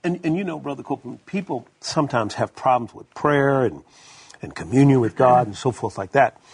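A man's voice: mid-range voice, lively intonation, brisk, a little mellow, slightly rough. A man, a minister co-hosting, sharing testimony in casual preaching conversation with many stammered restarts. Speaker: minister co-host.

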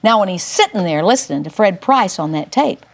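An older woman giving a Christian teaching through a personal testimony, telling it emphatically with big swings up in pitch. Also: lively intonation, fairly quick. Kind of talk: testimony-style Bible teaching.

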